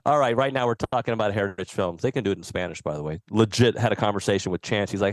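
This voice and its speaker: A man hosting sports radio with a lowish voice and a quick, rattling delivery, playful and joking with his co-hosts. The sound is close and dry, with no room around it. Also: no echo. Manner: playful, jokey, slips into mock Spanish sign-offs. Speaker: radio host. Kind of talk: casual sports radio banter.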